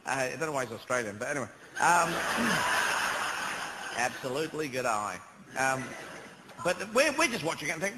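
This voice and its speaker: A man's voice: on the high side, lively intonation, unhurried, pauses often. A British man doing a stand-up routine on stage, rambling through surreal asides in front of a live audience. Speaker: stand-up comedian. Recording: live stage recording with crowd noise.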